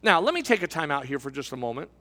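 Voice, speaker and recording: High-voiced man preaching from a pulpit. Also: sing-song, in a large hall. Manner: emphatic preaching, halting repeats, shifting to quiet asides. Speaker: pastor. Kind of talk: sermon. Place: church sanctuary, behind a pulpit.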